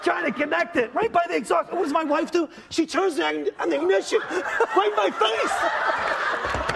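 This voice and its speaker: A middle-aged man, a comedian guest, telling an animated, exasperated story and acting out the scenes on a talk show. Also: very high voice, normal speed, vocal fry. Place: TV studio with audience. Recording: studio audience and noise.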